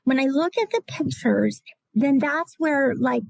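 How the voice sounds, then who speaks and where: Husky gravelly woman, middle-aged, thoughtful panel chat, dry close sound. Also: high voice, lively intonation, dry recording, low-quality recording. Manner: reflective, halting, at times emotional. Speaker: podcast panel guest. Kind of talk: casual chat.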